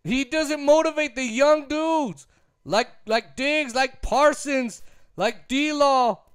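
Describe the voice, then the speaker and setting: A man's voice: very high voice, takes it slowly, fairly bright tone, no echo, studio quality. A man giving an emphatic, opinionated sports talk rant, repeating his points and laughing easily. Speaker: sports commentator.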